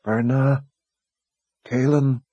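Audiobook role: male narrator doing a tender dying young man, breathy and hushed. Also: mid-range voice, fairly even intonation, very slow, no room sound, lo-fi sound, pitched above the performer's own voice. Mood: faint, tender. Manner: breathy whisper. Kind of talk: audiobook character voice.

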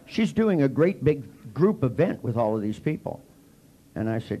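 An older man with a gravelly voice, giving a comic storytelling lecture to a seminar audience and wryly acting out both sides of his dialogues. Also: medium pitch, sing-song, moderate pace, dark tone, a little hiss or hum. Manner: wry, mocking, acts out both sides of dialogues. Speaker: seminar speaker.

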